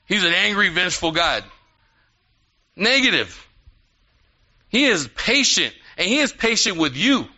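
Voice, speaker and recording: Man preaching, lively and conversational, very bright, forceful voice. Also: sits high, unhurried, long pauses. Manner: animated, conversational preaching with asides. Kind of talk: sermon. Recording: dull lo-fi sound.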